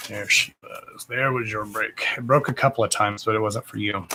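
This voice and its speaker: A man with a gravelly, creaky voice hosts a live card-reading stream, joking around and swearing casually. He chats warmly with his viewers, calling them darling and love. A clear hiss of background noise runs under the voice, along with the clicks of shuffling cards. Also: lowish voice, fairly even intonation, normal speed. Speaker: psychic medium doing live card readings.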